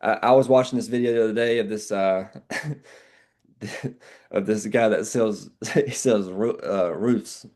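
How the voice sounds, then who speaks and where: Brash, low-voiced sales trainer man. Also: slow. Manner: brash, animated, swears casually. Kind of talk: team training call.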